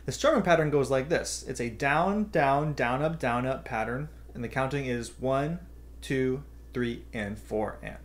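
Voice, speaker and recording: A man's voice: medium pitch, a little slow. A man teaching a beginner ukulele lesson, explaining step by step and counting beats aloud. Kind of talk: instructional explanation. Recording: ukulele playing throughout.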